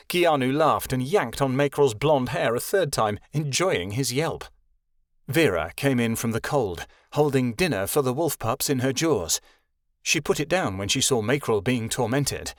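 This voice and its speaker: A man narrating a young-adult fantasy audiobook in a steady storytelling manner, giving each character its own voice. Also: medium pitch, moderate pace, no echo, clean studio sound. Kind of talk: scripted narration.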